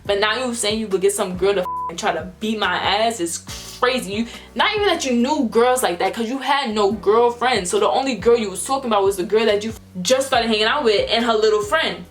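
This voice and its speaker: A woman's voice: mid-range voice, fairly quick, few pauses, faint music behind. A young woman, casually telling a vlog storytime, acting out the people in it with slang and swearing. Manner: animated, acts out quoted voices with slang and swearing. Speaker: vlogger.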